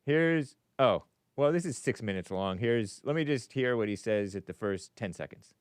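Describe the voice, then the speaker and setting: A man's voice: medium pitch, expressive, normal speed, clear, resonant tone, no echo. A man hosting a rambling commentary show, talking casually with a wry, sarcastic edge. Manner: laughs at his own remarks. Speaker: host.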